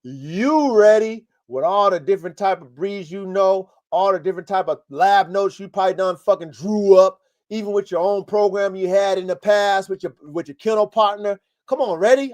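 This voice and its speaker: A man's voice: high-pitched, moderate pace, darkish tone. A man hosting a live podcast, coaching dog breeders in a blunt, profane, fired-up way. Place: home studio, live stream.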